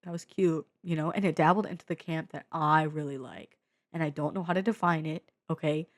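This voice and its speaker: A young woman from the Bay Area giving a casual media review into her own mic, excitable and slangy, swearing freely and full of fillers. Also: sits low, a little fast, dry recording, studio quality. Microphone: own desk mic.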